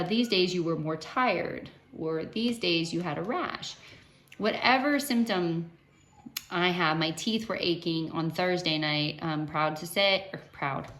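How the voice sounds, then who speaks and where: Unhurried and lowish in pitch, a West Virginia woman vlogs about her cancer treatment, chatting casually to camera. Her stories come out animated and chatty, with many fillers and restarts.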